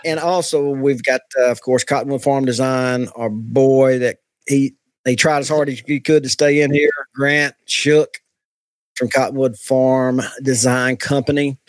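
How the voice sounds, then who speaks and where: A man's voice: medium pitch, steady tone, measured pace, no echo. A man co-hosting a podcast in casual chat, rambling with many fillers. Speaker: podcast co-host.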